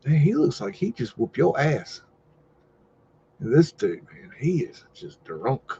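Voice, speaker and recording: A man's voice: on the high side, wildly swooping pitch, slow pace, vocal fry, lo-fi sound, a little hiss or hum. A man hosting a live stream, chatting casually and rambling with jokes while looking over old photos. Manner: rambling, joking, easygoing asides and loud exclamations. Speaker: host.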